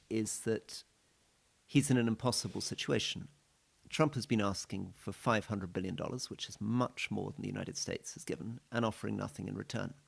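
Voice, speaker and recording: British guy on a politics podcast, low gravelly voice, measured. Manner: measured, recounting events. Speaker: podcast co-host.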